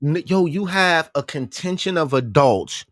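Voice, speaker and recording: A man co-hosting a casual political morning talk show, emphatic and animated, slipping into mocking voices. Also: fairly high pitch, measured pace, crowd noise. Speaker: co-host.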